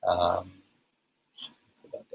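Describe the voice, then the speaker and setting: A man's voice: very slow, narrow, tinny audio. A male professor from India giving an online lecture to teachers, talking conversationally with many fillers and frequent "okay?" checks.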